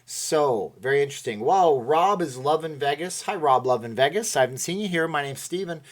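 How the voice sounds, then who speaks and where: A man's voice: a little high, animated, a little fast. A man hosting a live stream in a casual, rambling way, cracking jokes and greeting viewers from the chat. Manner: rambling and jokey, laughs at his own jokes.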